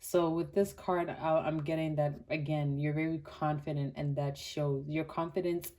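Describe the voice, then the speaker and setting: A young woman from Botswana giving a casual pick-a-card tarot reading, chatty and animated, with many "like" fillers and frequent laughter. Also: low voice, moderate pace.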